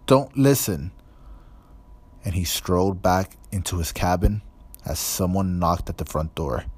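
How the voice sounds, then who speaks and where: Slow, deep-voiced male audiobook narrator. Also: husky. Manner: measured, even storytelling. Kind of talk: scripted narration.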